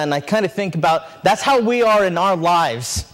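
A man's voice: high voice, expressive, moderate pace, hardly any pauses. A male preacher telling a story in a sermon, earnest and building suspense. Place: church sanctuary.

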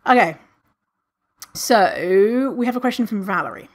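A woman hosting a podcast, talking candidly and casually to listeners, with many fillers and lively retellings. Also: medium pitch, unhurried. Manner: candid, chatty, frequent fillers, animated when retelling. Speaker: podcast host answering listener questions.

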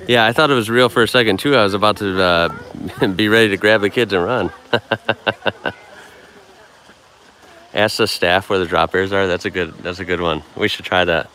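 Live-streamer, Chicago accent, very deep, easygoing and laughing, handheld outdoors, faint noise. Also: male voice, steady tone, moderate pace, pauses often, bright, forceful tone. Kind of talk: casual live-stream chat. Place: outdoor wildlife park.

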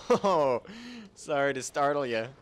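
Goofy man with a lively, swooping voice. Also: mid-range voice, moderate pace, slight background noise. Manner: goofy, animated, laughs often, sudden excited outbursts. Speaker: gameplay commentator. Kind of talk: casual let's-play commentary.

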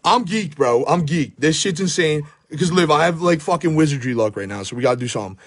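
A young man with a hoarse, worn-out voice, frantically narrating a card pack opening at home, swearing and shouting in disbelief while filming on his phone. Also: a little high, lively intonation, brisk. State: hoarse, voice shot. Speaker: sports card pack breaker. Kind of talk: hyped live pack-opening commentary. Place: at home by a table.

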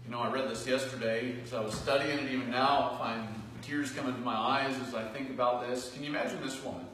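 A male pastor preaching a sermon in a church, earnest, rising into loud emphatic phrases and dropping to soft asides. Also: medium pitch, steady tone, fast. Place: church sanctuary. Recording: distant, very echoey church hall recording with faint noise.

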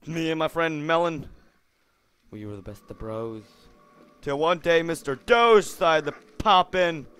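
A young man giving silly, rambling commentary on a game, jumping from mumbles to squealing shouts. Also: a little high, animated, measured pace, smooth. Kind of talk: goofy gameplay commentary.

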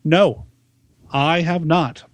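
Enthusiastic podcast host, slightly high voice. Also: male voice, steady tone, drawn-out words, no room sound. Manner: enthusiastic, chatty, laughs often. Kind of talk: casual chat.

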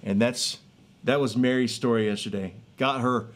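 A man in his thirties or forties, a street evangelist telling a healing testimony in an earnest, excitable way with many fillers and restarts, outdoors in a neighborhood. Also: medium pitch, normal speed. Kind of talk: animated testimony storytelling.

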